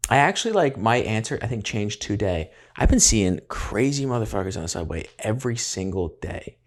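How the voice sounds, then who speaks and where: A young podcast co-host chats casually, rambling through stories and laughing a lot. His voice is on the low side, sing-song and brisk.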